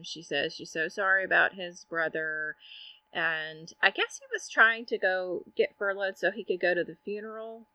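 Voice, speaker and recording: A woman's voice: fairly low pitch, bright, forceful tone, no echo, low-quality recording. A woman co-hosting a podcast, chattily recapping a TV episode and acting out quoted lines. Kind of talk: casual chat.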